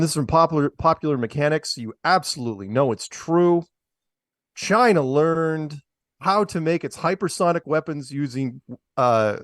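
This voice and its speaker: A man hosts a casual talk show podcast, reading news items aloud and mocking them with sarcastic asides while chuckling at his own jokes. His voice is on the high side and fairly bright, with lively intonation at a normal speed, in clean, echo-free studio sound.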